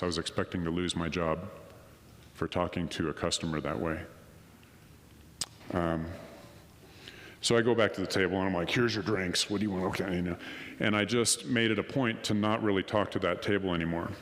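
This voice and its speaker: A middle-aged man giving a personal testimony at a conference, an animated storyteller who acts out the dialogue. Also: fairly low pitch. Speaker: conference speaker. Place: conference hall. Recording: long hall reverb.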